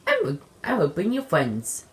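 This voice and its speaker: A young woman giving playful let's play commentary on a game, shouting in bursts and slipping into silly voices. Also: on the low side, huge pitch swings, moderate pace. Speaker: gamer playing a horror game.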